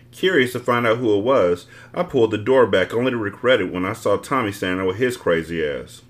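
A man hosting a book podcast, reading a novel aloud with blunt, profane asides. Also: on the low side. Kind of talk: casual book reading with commentary.

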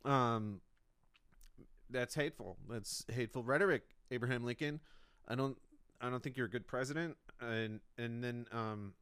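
Comedian guy rambling solo into the mic, self-mocking, lots of false starts, smooth clear voice, super dry room. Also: mid-range voice, normal speed, fairly bright tone, no echo. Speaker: comedian, podcast host. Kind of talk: solo rambling podcast monologue.

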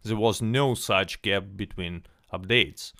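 Low-voiced man hosting a game stream. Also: slow, sharp tone, no room sound, studio quality. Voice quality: slightly hesitant, repeats words. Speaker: stream host. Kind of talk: casual livestream chat.

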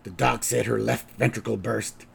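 A man voicing a somber old man who delivers bad news in a low, quiet voice. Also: steady tone, normal speed, creaky, husky, exaggerated voice. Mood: solemn.

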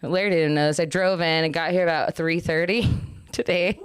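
A woman's voice: fairly low pitch, steady tone, moderate pace, smooth, no echo, studio quality. A young woman hosting a podcast, chatting casually and acting out the people in her story. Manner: rambling storyteller, acts out quotes. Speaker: podcast host. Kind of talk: casual chat.

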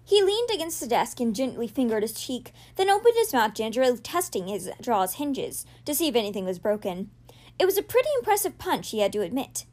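A woman hosting a podcast, reading a children's novel aloud with expressive storytelling. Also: on the high side, a little fast. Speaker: podcast reader.

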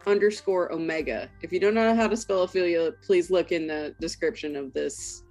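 A woman guest on a casual podcast, hesitant and rambling with many pauses. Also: on the low side, darkish tone, faint music behind.

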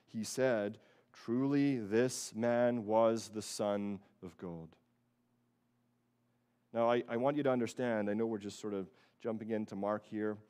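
A man, a pastor, preaching an earnest sermon, repeating key phrases for emphasis and swinging from quiet, low passages to loud, high bursts. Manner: earnest preaching that rises loud and high on quoted voices, then drops low.

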